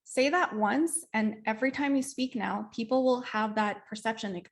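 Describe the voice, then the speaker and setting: A young adult Canadian woman presents an online speaking workshop over a video call, acting out example phrases and checking in again and again with "right?". Her voice is a little high, and she speaks at a moderate pace.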